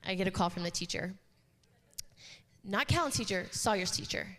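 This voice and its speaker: A woman pastor delivers a sermon in a church sanctuary, telling family stories in a chatty, joking way. Her voice sits at an ordinary middle pitch. The live recording carries a long hall reverb. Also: normal speed. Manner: chatty, joking, animated storytelling.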